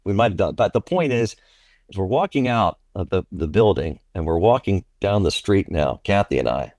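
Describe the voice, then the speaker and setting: Animated male broadcaster telling a story. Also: low voice, moderate pace, no echo. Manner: animated, repeats and restarts phrases. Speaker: baseball play-by-play broadcaster. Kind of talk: interview storytelling.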